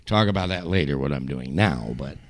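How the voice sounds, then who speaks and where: A man, a rock vocalist, telling profane road stories loudly in a casual interview, now and then breaking into improvised song. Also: a bass voice, animated, a little fast. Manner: loud, profane, bursts into improvised singing. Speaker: guest vocalist.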